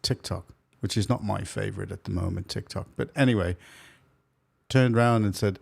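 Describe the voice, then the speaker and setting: A man's voice: on the low side, normal speed, gravelly, darkish tone, breathy edge. A man co-hosting a casual political chat, asking questions and steering the talk. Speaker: podcast co-host.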